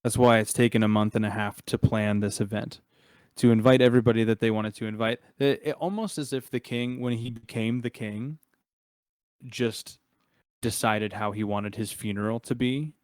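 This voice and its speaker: A man narrating as game master of a tabletop game, halting, with many fillers and restarts. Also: lowish voice, steady tone, a little mellow, clean tone, no echo.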